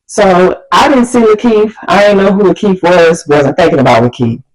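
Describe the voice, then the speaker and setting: Animated woman telling a story time on her vlog, slangy, does all the voices. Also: fairly low pitch, moderate pace, low-quality recording. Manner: animated, slangy, acts out quotes. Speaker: vlogger. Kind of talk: casual storytelling.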